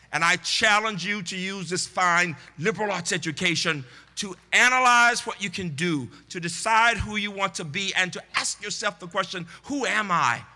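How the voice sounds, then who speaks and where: A man in his sixties giving a commencement keynote, rhythmic and preacher-like, rising to shouted refrains. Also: high voice, in a large hall. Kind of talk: commencement address. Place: large tent outdoors.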